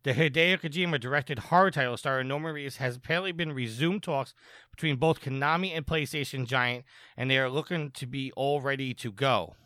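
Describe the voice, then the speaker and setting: A man reads gaming news on a podcast and then trades jokes with his co-hosts. His voice is bright and forward, recorded close and dry with hardly any room sound. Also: medium pitch, a little fast, no echo. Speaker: podcast co-host. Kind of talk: casual podcast chat, reading gaming news.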